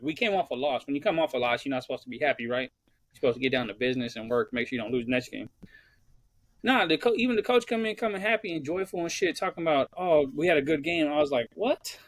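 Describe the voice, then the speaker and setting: A man's voice: medium pitch, no room sound. Young man telling profane stories, dry sound. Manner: profane, animated storyteller acting out quotes. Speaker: podcast co-host. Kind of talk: casual chat, storytelling.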